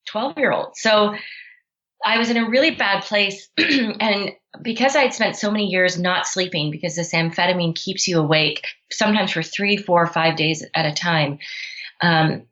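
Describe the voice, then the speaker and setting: A woman's voice: lowish voice, moderate pace, fairly bright tone, lo-fi sound. A woman guest in a podcast interview, telling her story candidly with many "you know" and "right?" asides. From Canada.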